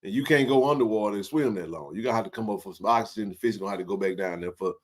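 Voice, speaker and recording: A man hosting a casual sports livestream, animated and joking in colloquial speech. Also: lowish voice, racing. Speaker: sports talk show host.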